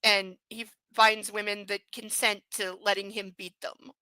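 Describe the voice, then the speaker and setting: A woman's voice: medium pitch, little pitch movement, measured pace, pushed and bright, clear, resonant tone, no room sound, low-quality recording. A woman live-streaming a book reading at home, mixing blunt, sarcastic commentary with cooing baby talk to her dog.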